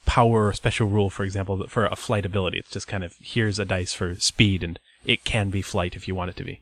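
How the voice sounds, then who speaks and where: A man's voice: low-pitched, steady tone, fast talker, a bit bright. A man co-hosting a podcast, chatting casually and agreeably and laughing readily. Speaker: podcast co-host.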